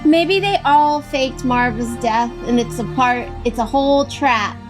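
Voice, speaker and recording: A woman co-hosting a casual TV reaction chat, openly emotional and throwing out quick theories. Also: high-pitched, over music. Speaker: co-host reacting to a TV episode.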